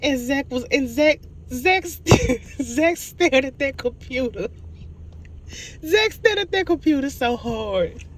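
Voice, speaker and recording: A woman recapping a TV episode in a casual vlog, animated and storytelling, laughing often and apologizing for it. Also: sits high, slow pace. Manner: giggly, keeps laughing and apologizing; animated storytelling, acts out quotes. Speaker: TV show reviewer.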